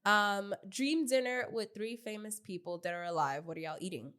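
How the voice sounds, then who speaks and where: A woman's voice: medium pitch, normal speed, a bit bright, smooth. A young woman co-hosting a podcast in casual chat, giggly and emphatic, repeating herself to make a point. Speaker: podcast co-host.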